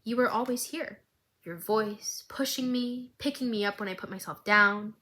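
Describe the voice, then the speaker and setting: Creepy unhinged younger sister, girl doing her lines, quiet and eerie, bright tone. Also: a little high, normal speed.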